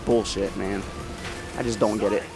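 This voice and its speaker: Over game music, a gameplay commentator with a lowish, creaky voice keeps a level tone and a moderate pace. He's casually swearing through his let's-play, fed up and trash-talking the other racers.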